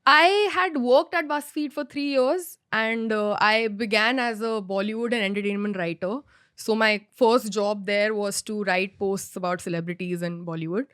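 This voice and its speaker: A woman's voice: mid-range voice, normal speed, a bit bright, clean tone, dry recording, studio quality. A young woman from India, a podcast guest, talking casually with self-deprecating humor and frequent laughter.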